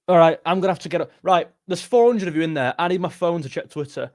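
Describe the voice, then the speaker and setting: A young man hosting a casual fan live stream, excitable and jumpy, talking straight to his chat. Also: on the high side, fast, hardly any pauses, dry recording, clean studio sound. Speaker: football fan channel host.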